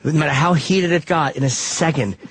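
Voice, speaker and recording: A man's voice: a little high, husky. A man in casual podcast chat, telling fond stories with lots of swearing. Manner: fast, profane, fond storytelling.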